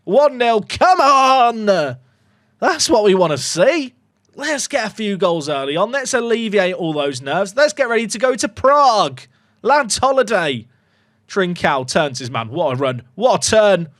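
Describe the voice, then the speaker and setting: A man narrates his football game with big swings in pitch, jumping from low mutters up to loud cheers. His voice sits high and lively. The sound is close and dry, with no room around it. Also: normal speed, dry recording. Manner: excitable, jokey, reacts loudly to goals. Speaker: gaming YouTuber. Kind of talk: excited game commentary.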